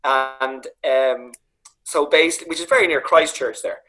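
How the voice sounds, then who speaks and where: Husky Dublin man telling stories. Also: mid-range voice, moderate pace, poor audio. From Ireland. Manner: animated anecdotes, acts out voices, swears freely. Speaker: comedian guest. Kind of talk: casual storytelling on a video call. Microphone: video call. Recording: video call audio.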